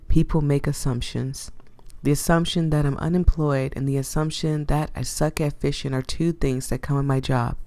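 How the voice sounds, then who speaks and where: A weary young male ghost-catcher who would rather be alone on his boat, narrating in a deadpan, sarcastic drawl, voiced by a woman reading the game. His voice sits low, and the recording is close and dry. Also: no echo. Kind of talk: visual novel read-aloud.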